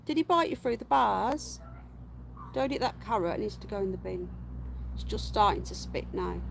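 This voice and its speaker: A woman's voice: mid-range voice, expressive, normal speed, vocal fry, a little hiss or hum. A woman, chatting casually on a live stream from her garden and cooing to her pet rabbits in baby talk. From England. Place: outdoor garden.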